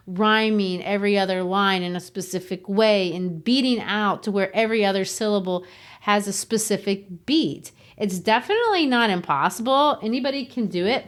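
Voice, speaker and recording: A woman's voice: mid-range voice, lively intonation, moderate pace. A woman who teaches, co-hosting a podcast in a casual, explanatory way and tapping out rhythms as she explains.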